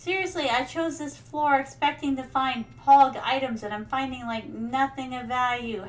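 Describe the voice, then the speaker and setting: High-voiced playful streamer woman. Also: fairly even intonation, moderate pace, few pauses, faint music behind. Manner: playful regal persona, calls viewers "my darlings"; rambling, many fillers. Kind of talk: casual gaming stream chat.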